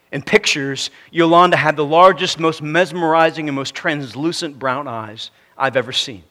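A man preaching a sermon, reading a story aloud in an earnest way that sinks to a hush at the ends of phrases and rises to emphatic preaching. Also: a little high.

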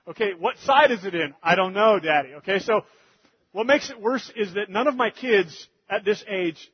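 A man preaching, telling a family story in an animated way that gets loud and fast in the funny parts. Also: high voice, husky, highs cut off. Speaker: pastor. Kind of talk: sermon storytelling.

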